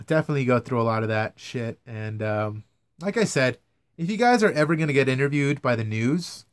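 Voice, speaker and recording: A man's voice: mid-range voice, no room sound. A young man ranting casually to camera about his news camera work, swearing a lot and sounding exasperated. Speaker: vlogger, news camera operator.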